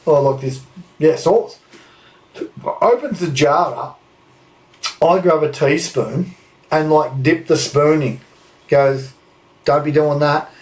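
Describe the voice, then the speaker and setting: Brief: Australian bloke, podcast host, fairly high voice, laughs and swears through his yarns. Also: slow pace, pauses often, darkish tone. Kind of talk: casual storytelling chat. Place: indoor room, recorded live.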